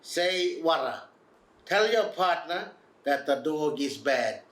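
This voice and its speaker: Male language teacher, patient drill delivery, slightly high voice, roomy echo. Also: lively intonation, slow pace, fairly bright tone. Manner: patient, repeats each word for learners. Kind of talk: slow instructional drilling.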